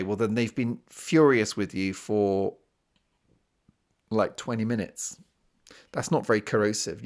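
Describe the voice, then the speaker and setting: A slightly low-voiced man from Britain hosts a solo podcast in casual monologue. He rambles and mocks himself, drifting into asides and catching his thread again. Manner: chatty, self-mocking, rambling with asides. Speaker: podcast host.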